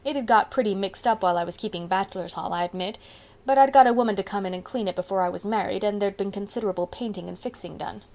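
A woman's voice: medium pitch, fast talker, gravelly, a little mellow, natural voice. A woman voicing a grumbling, sheepish older male farmer in an audiobook, talking in a rueful, folksy way.

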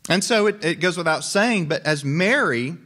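A man's voice: a little high, lively intonation, moderate pace, pushed and bright. A young man, preaching a sermon as pastor in a conversational way with joking asides.

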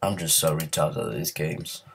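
A man with a very deep, low voice narrates his gameplay as a let's play, sounding ill and growing frustrated. He mutters and swears at the game between comments, with a faint hiss behind him. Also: normal speed, gravelly, a bit bright. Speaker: gaming channel host.

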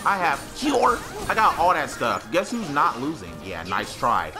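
Man shouting through gameplay commentary. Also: fairly high pitch, wildly swooping pitch, slow. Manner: loud outbursts, slangy, trash-talking the game. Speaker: gaming YouTuber. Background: game music.

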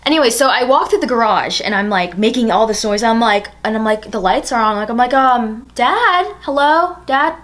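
A woman's voice: on the high side, fast, hardly any pauses, a bit bright. A young woman telling a personal story in a casual vlog, chatty and full of "like.". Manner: chatty, fillers of "like" throughout. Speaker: storytime vlogger.

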